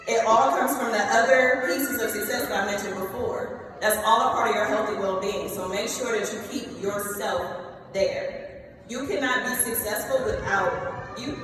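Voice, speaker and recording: A young woman speaking to graduates in a big hall, her voice heard from some distance and ringing with long reverb. She talks straight to the students, lively, checking in with "okay?" between points. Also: a little high, normal speed, slight background noise. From Ohio, US. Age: late 20s. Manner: lively, addresses the students directly with "y'all" and "okay?". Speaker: commencement speaker. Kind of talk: motivational speech. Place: large hall.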